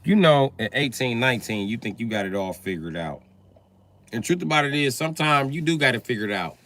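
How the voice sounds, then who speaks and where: A man doing a profane comedy rant on a live stream, breaking into put-on voices. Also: brisk. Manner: profane, animated, acts out voices with big pitch jumps.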